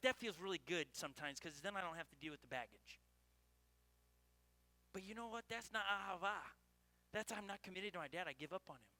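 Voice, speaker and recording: High-voiced, bright male pastor. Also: no echo. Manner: earnest, personal storytelling with restarts. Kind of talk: sermon.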